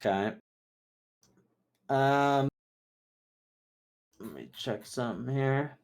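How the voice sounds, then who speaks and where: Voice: mid-range voice, drawn-out words, creaky. A player in a tabletop game, speaking bluntly and tersely.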